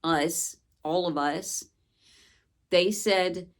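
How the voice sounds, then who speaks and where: A woman speaks in a slightly low voice, recounting a personal experience to her viewers. Her delivery is earnest and searching. She lets phrases trail off into pauses before going on. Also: fairly even intonation. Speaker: vlogger.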